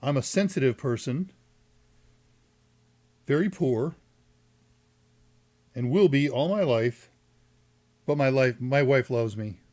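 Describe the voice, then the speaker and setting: A man with a Texan accent hosting a live tech Q&A stream, talking in a rambling, jokey way with asides and self-corrections. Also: medium pitch. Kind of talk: casual live-stream chat.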